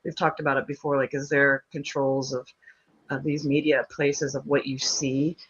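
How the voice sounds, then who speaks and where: A man's voice: mid-range voice, flat delivery, moderate pace, a bit bright, slightly rough. A man on a chat panel, asking questions in a skeptical way. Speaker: panel guest. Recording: dull lo-fi audio with faint noise.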